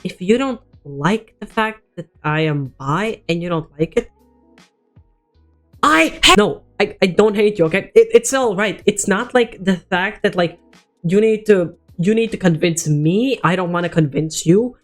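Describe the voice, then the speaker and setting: A man's voice: sits high, normal speed, faint music behind. A teenage boy telling a personal story as a vlogger, rambling and swearing, with many restarts. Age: teens.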